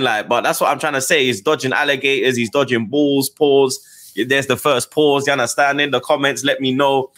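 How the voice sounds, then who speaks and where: A middle-aged man with a London accent, hosting a casual chat and telling animated stories full of slang. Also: mid-range voice, moderate pace. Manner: animated storytelling with slang tags. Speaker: host.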